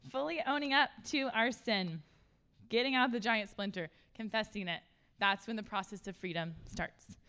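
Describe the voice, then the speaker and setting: A woman, preaching a sermon in a conversational, animated way and laughing often. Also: medium pitch, measured pace, clear, resonant tone. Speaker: pastor.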